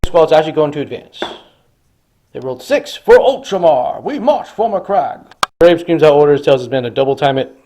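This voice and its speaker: An enthusiastic hobby wargamer narrates a tabletop battle report in a casual way, dramatizing the action. His voice is fairly high, animated and mellow, a little fast, with slight background noise.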